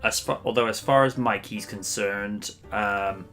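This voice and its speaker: A man's voice: fairly low pitch, unhurried, bright, forceful tone, faint music behind. A man in casual livestream chat, speaking hesitantly with many fillers.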